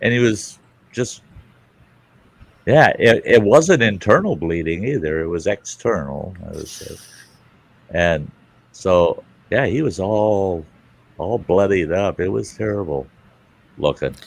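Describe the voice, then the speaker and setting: Deep-voiced man telling a crude story. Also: expressive, slow, vocal fry, pauses often. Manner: rambling anecdotal storytelling with crude humor and swearing. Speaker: livestream host. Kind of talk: casual chat.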